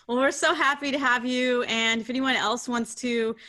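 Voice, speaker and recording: A woman hosting a casual spiritual chat, speaking in a warm, affirming way with frequent fillers. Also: fairly high pitch, fairly even intonation, normal speed. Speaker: host.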